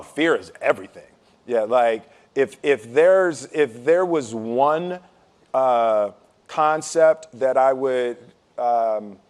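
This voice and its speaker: A man in his fifties, a guest in an interview, telling a story with energy, laughing often, acting out scenes and tagging lines with "right?". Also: medium pitch. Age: 50s. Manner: frequent "right?" and repeated restarts. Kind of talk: animated conversational storytelling. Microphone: stands up while talking.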